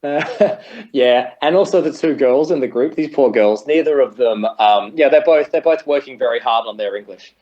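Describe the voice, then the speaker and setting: A man chatting as a podcast guest, animated and laughing often, now and then jumping into a high shouted promo voice. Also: normal speed, lo-fi sound. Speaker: podcast guest, metal singer. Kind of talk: casual chat. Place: in Japan, remote call.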